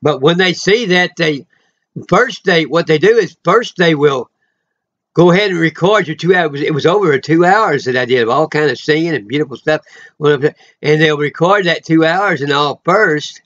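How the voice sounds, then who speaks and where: A man giving an informal, rambling sermon he records himself, full of emotional asides and sudden loud exclamations. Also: on the high side, normal speed, muffled recording. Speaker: preacher.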